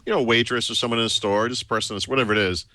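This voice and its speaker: A man's voice: medium pitch, fairly even intonation, racing, sharp tone, dry recording, clean studio sound. A man co-hosting a casual tech podcast, talking in an easygoing, wry way. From Boston area, US. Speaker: podcast co-host.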